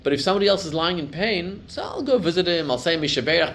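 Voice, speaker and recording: A middle-aged man, a rabbi, giving a class to a live group, telling stories and building to loud emphatic peaks. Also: on the high side, animated, fast, few pauses.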